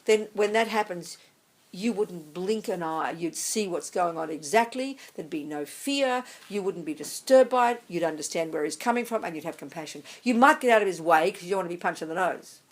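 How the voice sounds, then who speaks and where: A woman's voice: lowish voice, a little fast. Emphatic woman teaching Buddhism. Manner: emphatic, animated, keeps checking the audience follows; calls listeners darling. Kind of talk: dharma talk with audience questions.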